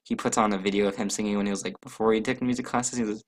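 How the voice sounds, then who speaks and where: Young man with a gravelly voice. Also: on the low side, steady tone, rapid-fire, few pauses. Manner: rambling, jokey, self-deprecating; loose, chatty, trails off with many fillers. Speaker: podcast host. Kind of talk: casual solo podcast chat.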